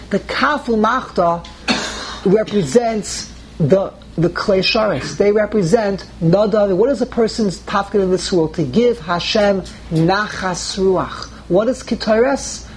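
A man teaching a Torah lesson to a live class. He asks rhetorical questions, restarts phrases while thinking aloud and climbs higher in pitch when he stresses a point. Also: a little hiss or hum, poor audio.

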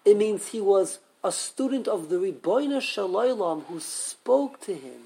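A man teaching a live Torah class, animated and full of questions to the students, often restarting his sentences. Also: high voice, unhurried, gravelly, breathy edge.

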